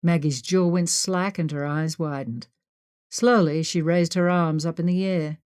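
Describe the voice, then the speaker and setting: A woman narrating an adventure audiobook in a steady, clear storytelling voice. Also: on the low side, measured pace. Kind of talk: scripted narration.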